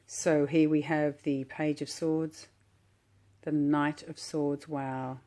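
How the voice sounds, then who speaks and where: A woman calmly unboxing a tarot deck while sitting on her floor, gushing and admiring each card at an unhurried pace. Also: sits low. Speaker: tarot vlogger. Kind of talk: relaxed unboxing commentary.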